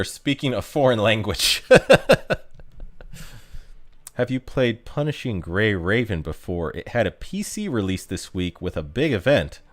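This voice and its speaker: A man's voice: fairly low pitch, a bit bright. An American man chatting casually to viewers on a live stream, rambling, with lots of fillers and restarts. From United States.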